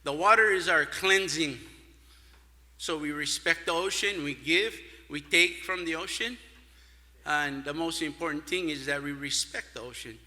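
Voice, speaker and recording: A man from Hawaii giving an earnest, halting tribute speech with many fillers. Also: a little high, bright, forceful tone. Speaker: award speaker. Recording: long reverb of a large hall.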